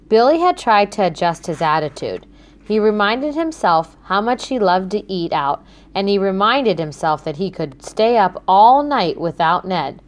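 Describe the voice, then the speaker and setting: A woman reads a children's chapter book aloud in a clear, measured storytelling voice. Her pitch is middling and her delivery steady. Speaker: audiobook narrator.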